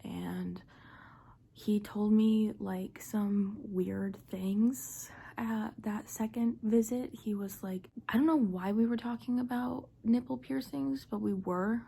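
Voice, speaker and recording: A woman's voice: mid-range voice, steady tone, slow, creaky, mellow, slightly rough. A young woman casually telling a personal story, chatty and full of "like", often dropping to a half-whisper. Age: young adult. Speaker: vlogger.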